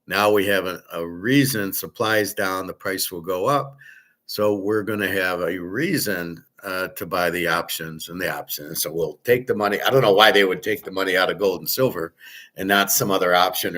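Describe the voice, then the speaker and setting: A man's voice: sits low, fairly bright tone. A man hosting a show, ranting bluntly and profanely in commentary. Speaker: show host.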